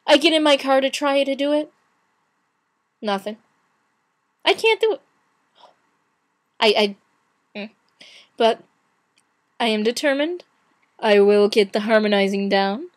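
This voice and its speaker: A young woman talks to camera in an unhurried, chatty way, pausing and restarting as she retells her day. Her voice sits a little high and she acts out other people's lines as she goes. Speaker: vlogger. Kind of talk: casual chat.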